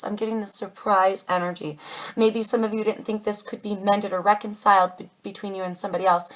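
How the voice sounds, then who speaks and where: A woman's voice: on the high side, rough recording. A woman giving a casual tarot reading to camera, chatty and reassuring, calling her viewers darlings. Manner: chatty, calls viewers darlings, channels spirit messages. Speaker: tarot reader.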